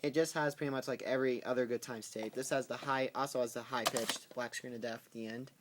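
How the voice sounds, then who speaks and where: A man casually going through his tape collection on camera, talking in halting bursts with ums and restarts. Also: medium pitch, steady tone. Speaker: VHS tape collector vlogger. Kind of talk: casual spoken video commentary. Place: at home with a pet in the room. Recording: noisy home recording with clicks.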